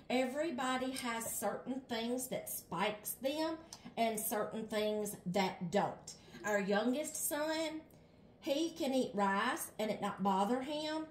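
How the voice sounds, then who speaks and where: A woman's voice: a little high, slight background noise. An older woman with a Southern US accent, chatting casually to viewers while she cooks in her home kitchen. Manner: chatty, keeps addressing viewers as y'all and checking okay. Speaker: home cooking vlogger. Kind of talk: casual cooking demonstration.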